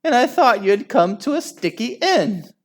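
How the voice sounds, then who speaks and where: A man's voice: very high voice, big pitch swings, measured pace, pitched above the performer's own voice, heavily acted. A man reading a children's story aloud, voicing an anxious, dramatic mother mouse in a raised, fluttery voice. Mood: relieved. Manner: raised, fluttery voice, loud cries.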